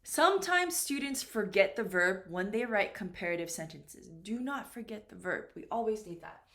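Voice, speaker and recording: A woman teaching English at a board, speaking slowly and deliberately, often checking in with "right?" and "okay?". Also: mid-range voice, lively intonation, a bit bright. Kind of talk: classroom grammar lesson at a board. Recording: echoey room.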